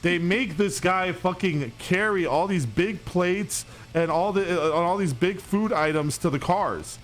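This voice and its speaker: A young man with a high voice and a measured pace hosts a stream and tells chat a long, casual story. He rambles, swears, and keeps restarting, while faint music sits in the background.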